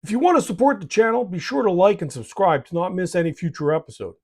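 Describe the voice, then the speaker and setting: A man's voice: high voice, big pitch swings, fast talker, a little mellow. A man hosts a miniature painting channel, giving scripted hobby advice in a jokey, folksy way. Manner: jokey and folksy, tags lines with "eh".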